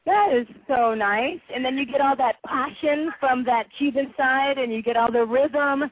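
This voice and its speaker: A woman's voice: sits high, normal speed. Effusive woman hosting on a tinny line. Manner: effusive, laughs often. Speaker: radio show host. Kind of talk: boxing radio interview. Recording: tinny phone-like line, dry.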